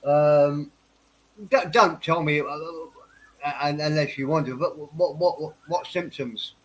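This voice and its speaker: A man with a fairly high, slightly bright voice and steady tone speaks at a measured pace on a low-quality recording. Hosting a casual livestream chat from his home office, he is stuffed up with a head cold and tipsy after a few whiskeys, rambling and restarting his words.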